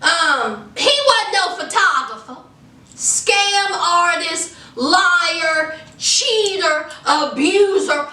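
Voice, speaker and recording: Sassy high-voiced woman recapping a movie. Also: animated, extremely slow, bright, forceful tone, reverberant, far from the mic, slight background noise. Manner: sassy, chatty storytelling with frequent asides. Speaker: movie reviewer. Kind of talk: casual movie plot recap.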